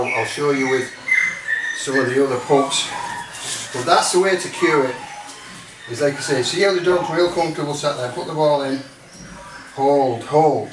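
A man with a Northern English accent, a dog trainer showing a retrieve lesson and breaking off to give commands to his dog. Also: medium pitch. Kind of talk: outdoor training demonstration. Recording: distant mic, roomy and noisy.

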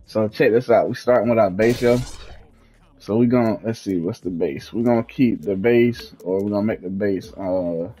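In a lowish, warm voice at normal speed, the young man keeps hosting his casual gaming walkthrough from his fiancée's house. The delivery stays laid-back and slang-heavy, drifting off whenever he pauses to think.

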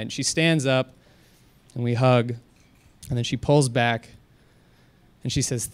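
On a club stage, a man performs stand-up, telling stories with animated energy, his voice leaping high when he gets excited as he laughs along at his own jokes. He moves slowly and smoothly, pausing often.

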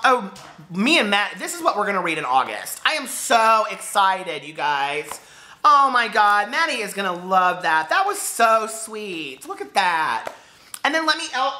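Excitable book vlogger lady chatting to camera, bright voice, gushes a lot. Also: mid-range voice. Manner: gushing, excitable, exclaims often. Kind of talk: casual chat to camera.

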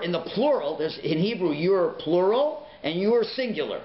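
A man teaching a Torah class as a rabbi, animated and dramatic, acting out voices, swinging from hushed whispers to sudden shouts. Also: sits high, a little slow, few pauses. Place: synagogue learning centre classroom. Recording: echoey room, dull lo-fi sound, faint hiss.

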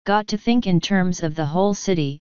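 A woman's voice: fairly low pitch, fairly quick, a little mellow, smooth, dry recording, close to an everyday voice. A woman voicing a pompous, bullying male watch captain who blusters and sneers in an audiobook reading. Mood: blustering. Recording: dull lo-fi audio.

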